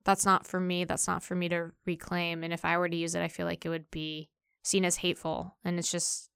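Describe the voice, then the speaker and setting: A woman's voice: lowish voice, level tone, brisk, creaky, a bit bright, clear, resonant tone, no echo, studio quality. A young woman in casual discussion, thinking aloud and asking herself questions as she talks. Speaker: discussion participant.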